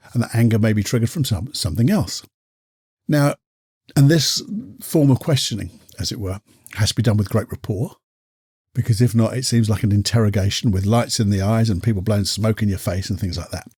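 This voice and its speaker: A man's voice: mid-range voice, darkish tone, slightly rough, no echo, studio quality. A man hosting a casual solo talk. He chats freely, acts out the people he quotes and keeps asking rhetorical questions. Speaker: podcast host and coach.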